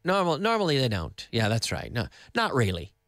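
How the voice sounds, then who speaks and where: A man from Nova Scotia teaching English on live radio from a studio microphone, patiently repeating words slowly for learners. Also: medium pitch, wildly swooping pitch, fairly bright tone, no echo. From Canada (Nova Scotia).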